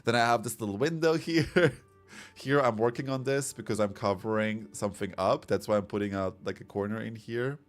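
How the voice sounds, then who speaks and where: A man's voice: fairly low pitch, brisk. A man streaming a game, chatting casually and rambling as he reads chat comments aloud. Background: soft background music.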